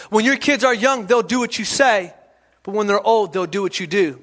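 A middle-aged male pastor with a high, bright, ringing voice delivers a sermon. He repeats his key lines for emphasis and swings from hushed drops into loud, emphatic bursts. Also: fairly quick. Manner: preaching with repetition and sudden shouts.

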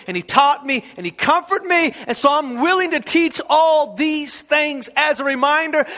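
A middle-aged man preaching a sermon to parents, repeating key lines and rising into sudden shouts. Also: very high-pitched. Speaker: pastor.

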